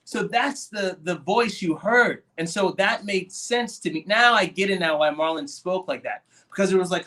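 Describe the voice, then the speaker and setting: A man co-hosting a casual movie discussion podcast, animated and acting out quoted voices as he talks. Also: sits high, moderate pace, few pauses. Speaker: podcast co-host.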